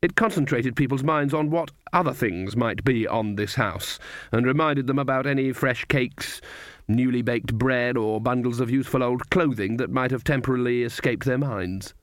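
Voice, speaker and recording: A man narrating a comic fantasy audiobook in a dry, measured storytelling manner. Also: mid-range voice, no room sound. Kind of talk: scripted narration.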